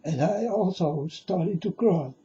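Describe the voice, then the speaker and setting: A man with a high, mellow voice speaks slowly in an earnest, halting religious monologue, his phrasing not quite native. The recording is dull and lo-fi. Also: lively intonation. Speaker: religious video maker.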